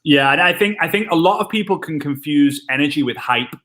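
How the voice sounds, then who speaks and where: A man, an energetic and jokey network marketing trainer chatting on a live stream. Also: fairly high pitch, brisk. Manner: excitable, jokey, wordplay.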